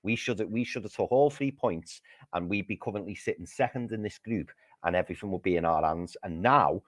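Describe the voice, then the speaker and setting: A football podcast co-host with a low voice rants furiously on a livestream from his living room after a match, swearing and repeating himself for emphasis. He talks briskly, and the recording has no echo. It's heated post-match fan chat.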